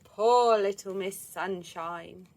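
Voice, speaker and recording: A woman, reading a children's storybook aloud in an expressive, lively way. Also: medium pitch, slow.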